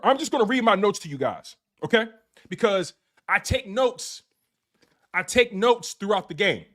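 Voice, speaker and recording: A high, bouncing man's voice with a Philadelphia accent rides the celebration after a win, hyped and slangy and quick to laugh. He circles back on his own phrases and talks straight to his live audience as the show's host. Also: fairly bright tone. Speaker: sports show host. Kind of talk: excited live post-game rant.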